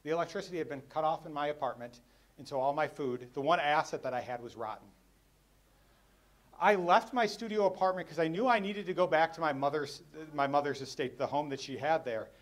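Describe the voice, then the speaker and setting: A middle-aged man tells a personal story to a luncheon audience. His voice sits a little high, and he drops to a near hush when the story turns sad. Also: animated, brisk. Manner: emotional, quietens for sad parts. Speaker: keynote speaker at a luncheon. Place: banquet hall.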